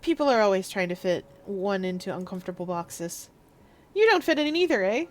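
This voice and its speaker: A woman's voice: medium pitch, big pitch swings, a little fast, natural voice. A woman voicing a boastful, street-wise rat-catcher shopkeeper in a chatty, cheeky manner as she reads a text game aloud.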